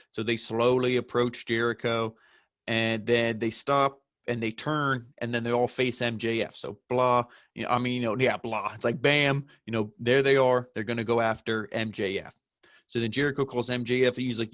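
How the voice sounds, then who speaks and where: A man's voice: medium pitch, steady tone, normal speed, a bit bright, no echo. A young man casually recapping and reviewing a wrestling show, rambling with lots of fillers and acted-out quotes. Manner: rambling, loose, with many fillers and quoted asides.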